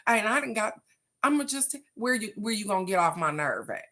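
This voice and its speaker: A woman's voice: mid-range voice, sing-song, a little fast, pushed and bright. A woman hosting a casual live oracle card reading, talking straight to her viewers in an encouraging, motivational way. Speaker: oracle card reader, livestream host.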